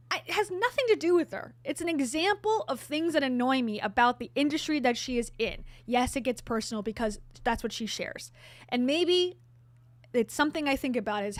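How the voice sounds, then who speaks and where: Woman vlogger, candid and sarcastic, a little high, dry. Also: fairly bright tone, no room sound. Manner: chatty, candid, with sarcastic asides. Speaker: vlogger host. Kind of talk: casual storytelling to camera.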